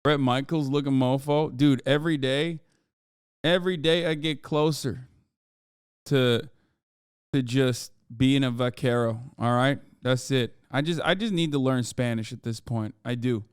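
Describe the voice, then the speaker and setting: Jokey guy streaming from home, smooth voice, dead dry sound. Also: medium pitch, a little slow, no echo. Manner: jokey, hyped, reads chat aloud. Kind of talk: casual live-stream chat. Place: home studio in Los Angeles.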